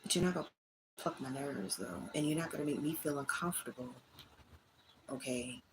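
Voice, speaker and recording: A woman's voice: rumbling low, moderate pace, background noise. A woman hosting her own livestream, speaking, candidly venting and talking straight to her chat from a small room at home. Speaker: livestream host.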